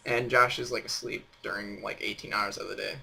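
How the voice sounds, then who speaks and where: A man's voice: fairly low pitch, flat delivery, brisk, gravelly, bright, forceful tone, breathy edge. A young man hosting a casual chat on a voice call, rambling and teasing with lots of fillers. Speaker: host.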